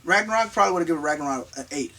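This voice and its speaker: A man's voice: on the high side, expressive, racing, pushed and bright, recorded from a distance. A man co-hosting a casual movie review chat, rambling and slangy, with a taste for big words. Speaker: co-host of movie review show.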